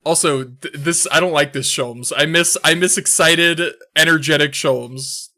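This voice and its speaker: A streamer giving casual, excitable commentary over a story game, reacting loudly and swearing for emphasis. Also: mid-range voice, measured pace. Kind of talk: casual let's-play commentary. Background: game music.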